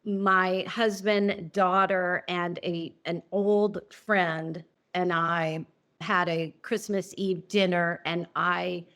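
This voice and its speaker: A middle-aged woman, an interview guest telling a personal story, earnest and emotional, halting and restarting often. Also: lowish voice, little pitch movement, a bit bright. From New Orleans.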